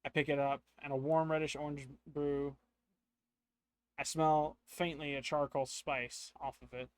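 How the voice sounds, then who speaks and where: Slightly high-voiced man narrating his own solo tabletop adventure, thinking aloud. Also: level tone, unhurried, clean tone.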